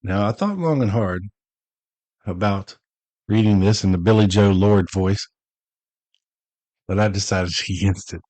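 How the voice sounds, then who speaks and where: A man hosting a podcast, reading an old statement aloud and breaking off for relaxed, chatty asides with drawn-out emphasis. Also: fairly low pitch, no room sound, low-quality recording. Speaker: podcast host.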